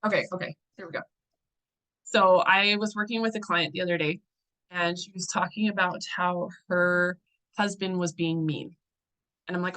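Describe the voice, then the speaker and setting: Bright-voiced woman coaching a group. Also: lowish voice, steady tone, moderate pace, low-quality recording. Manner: chatty, uses many fillers and restarts. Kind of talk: casual teaching talk to a group.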